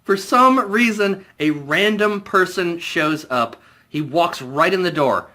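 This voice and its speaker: A young man casually reviewing a movie, animated and jokey, putting on voices for the characters. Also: high-pitched, slow.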